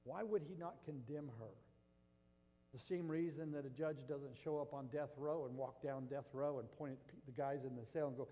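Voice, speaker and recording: A man preaching a sermon as pastor, swinging between loud emphasis and hushed asides. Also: medium pitch, steady tone, normal speed, long reverb tail, lo-fi sound.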